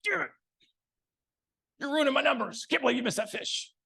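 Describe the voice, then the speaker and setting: A man's voice: mid-range voice, steady tone, a little fast, fairly bright tone, lightly acted. A man playing a brash, impatient male fishing guide who barks orders. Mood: exasperated. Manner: blunt, bossy.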